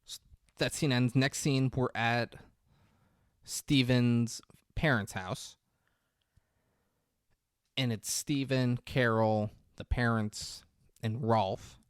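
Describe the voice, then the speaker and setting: A man co-hosting a podcast, casually retelling movie scenes in an animated storytelling way. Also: medium pitch, slow, pauses often, clear, resonant tone, no room sound, studio quality. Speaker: podcast co-host.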